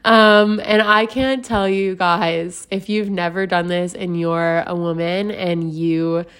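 A woman's voice: on the low side, steady tone, slow, fairly bright tone, clear, resonant tone. A young woman talking candidly to her viewers about a personal experience, emotional and full of "like" fillers, laughing often. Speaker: vlogger. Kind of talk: casual personal storytelling.

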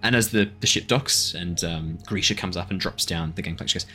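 A man's voice: sits low, fairly quick, hardly any pauses, bright, forceful tone, husky, faint music behind. A man running a tabletop game as dungeon master, narrating loosely with hesitations.

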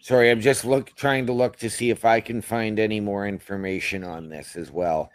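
A man's voice: on the low side, fairly even intonation, normal speed. A man co-hosting a casual podcast, reading out news items and commenting on them. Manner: reads out announcement details, then comments. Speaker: podcast co-host.

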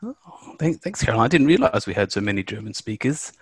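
Chatty man, low voice. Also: sing-song, quick pace, husky, no room sound. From Australia. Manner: chatty, jokey, self-deprecating. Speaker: podcast co-host, corporate lawyer. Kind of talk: casual podcast chat.

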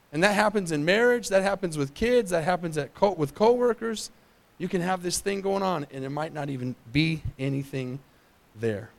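A man preaching a sermon as pastor, conversational and joking, asking the congregation questions, with repeats and quiet asides. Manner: repeats and restarts, drops to low asides.

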